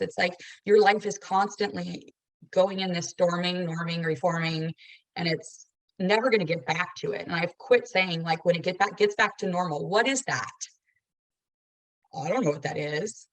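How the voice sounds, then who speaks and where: A woman's voice: on the low side, fairly even intonation, no echo, poor audio. A mother of a child with a rare disease sharing her experiences earnestly and reflectively in a support group. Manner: earnest, reflective, quick bursts of speech.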